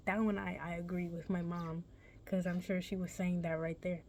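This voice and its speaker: A woman's voice: fairly low pitch, steady tone, normal speed, gravelly, darkish tone, a little hiss or hum. A young woman vlogger casually telling a personal story, rambling and correcting herself in a laid-back, chatty way.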